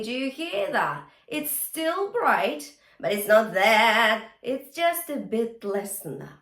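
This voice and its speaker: A woman vocal coach talks slowly and encouragingly through a singing lesson, breaking into short sung examples. Her voice sits at an ordinary middle pitch. The room is echoey, with a faint guitar playing underneath. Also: big pitch swings, a bit bright. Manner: encouraging, chatty teacher who breaks into song. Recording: roomy sound with faint guitar music.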